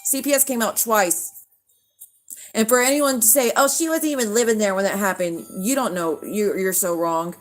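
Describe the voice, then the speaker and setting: A woman's voice: medium pitch, normal speed, faint music behind. A woman hosts a casual livestream. She rants in a heated way, swears often and calls out viewers by name. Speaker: livestream host.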